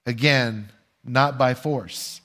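An older man preaching a sermon as pastor, earnest and measured, asking his listeners rhetorical questions and pausing for answers. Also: mid-range voice, sharp tone.

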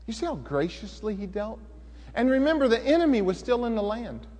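Middle-aged male pastor, high-pitched, folksy storyteller in the pulpit, reverberant church hall. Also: big pitch swings, brisk, darkish tone. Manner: folksy, conversational storytelling with sudden emphatic rises. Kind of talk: sermon with personal storytelling.

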